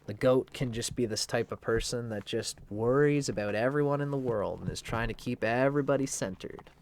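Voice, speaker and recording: A man's voice: mid-range voice, a little fast, a little hiss or hum. A man teaching astrology in a loose, conversational way, with a playful and irreverent edge. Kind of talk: casual explanatory talk.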